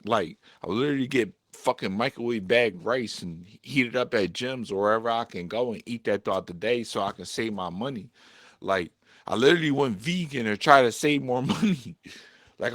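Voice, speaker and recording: A young man talking candidly to camera in a personal vlog, frank and profane, getting animated when he vents. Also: mid-range voice, no room sound, clean studio sound. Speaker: vlogger.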